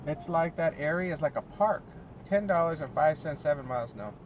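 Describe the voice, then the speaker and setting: A man's voice: on the high side, lively intonation, fairly quick, dull audio. A man with an American accent, a delivery driver vlogging in his car; chatty and self-mocking, he laughs often and sounds short of breath. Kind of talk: casual running commentary while driving. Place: inside a car on city streets. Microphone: dash cam or phone mic in car. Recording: road noise in a moving car. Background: car and road noise.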